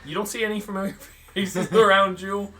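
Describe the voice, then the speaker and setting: A man's voice: high-pitched, flat delivery, moderate pace, pushed and bright. A man running a tabletop game as game master, casual and laughing with his players.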